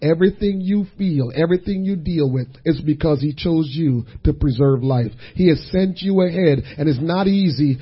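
A man preaching a sermon, dropping to a hush and then rising to shouts, repeating phrases for weight. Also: a little high, moderate pace, few pauses, slightly rough, muffled recording. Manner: swings between hushed and shouting, repeats phrases.

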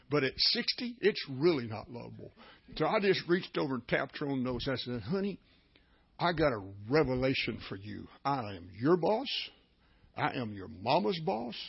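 A man's voice: on the high side, vocal fry, husky. An older man, a pastor preaching a sermon through folksy, repetitive storytelling. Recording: dull lo-fi recording.

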